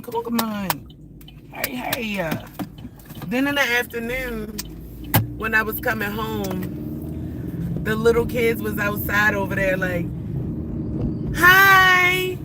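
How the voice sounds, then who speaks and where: A woman chats with her viewers in a loose, salty storytelling manner, in no rush at all. She's sitting in a car, and a steady hum of road noise runs clearly under her voice. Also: mid-range voice. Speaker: livestream host. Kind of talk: casual live-stream chat.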